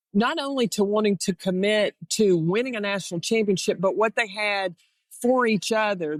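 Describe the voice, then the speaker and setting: A woman's voice: mid-range voice, dry recording. Woman, middle-aged, former coach, storytelling, plays out the quotes, dry close sound. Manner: storytelling that acts out quoted dialogue. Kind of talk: reminiscing interview.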